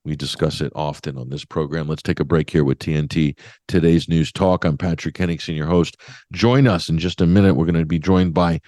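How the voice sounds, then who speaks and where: A man's voice: a bass voice, fairly even intonation, brisk, mellow, no echo, clean studio sound. A man hosting a radio talk show, giving opinionated commentary in a sardonic, emphatic way with mocking asides.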